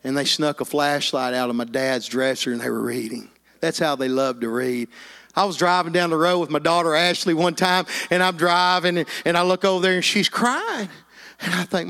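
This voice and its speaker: Man preaching, high bright gravelly tone, fervent and full of amens. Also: normal speed. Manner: fervent, peppered with amens and hallelujahs. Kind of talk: sermon with personal testimony.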